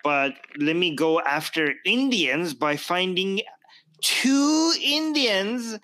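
A man hosting a podcast, talking in a lively, argumentative way and asking pointed rhetorical questions. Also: a little high, slow pace, no echo. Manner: animated, laughs often, rhetorical questions. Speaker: podcast host. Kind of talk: casual debate chat.

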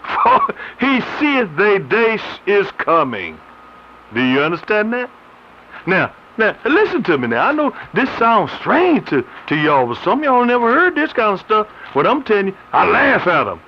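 A man's voice: high-pitched, huge pitch swings, moderate pace. A man preaching a radio sermon, laughing often as he reads and explains scripture. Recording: slightly muffled radio broadcast with faint noise.

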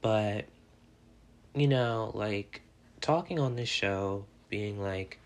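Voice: medium pitch, slow pace. Young solo podcast host in their twenties; chatty, candid, joking, constant "like" fillers, rambling delivery. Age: 20s. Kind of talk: casual solo podcast chat.

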